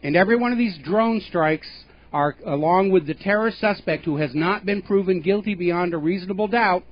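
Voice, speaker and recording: A man hosting a talk radio show, delivering opinionated political commentary with emphatic, pointed phrasing and scornful asides. His voice sits a little high for a man, and the broadcast sound is dull and lo-fi.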